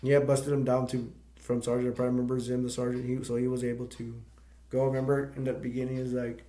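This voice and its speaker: A man's voice: medium pitch, level tone, a little fast, dark tone. Rambling man recapping a film plot. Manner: rambling, searching for words. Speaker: movie review channel host. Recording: echoey room.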